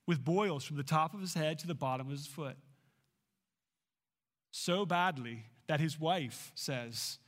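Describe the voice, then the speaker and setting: A man delivering a sermon as a pastor, preaching emphatically with swings in pitch and loudness.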